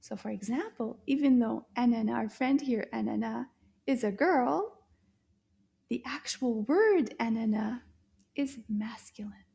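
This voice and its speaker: Slightly high-voiced woman, kids' French teacher, slow and warm, exaggerated delight. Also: creaky. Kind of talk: children's language lesson.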